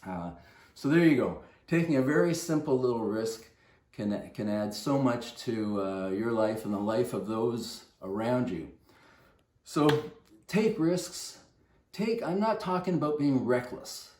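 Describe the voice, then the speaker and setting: A man's voice: medium pitch, animated, unhurried, a little mellow, echoey room. An older man, a fitness coach, telling a rambling anecdote to the camera in a casual way, with many fillers and restarts.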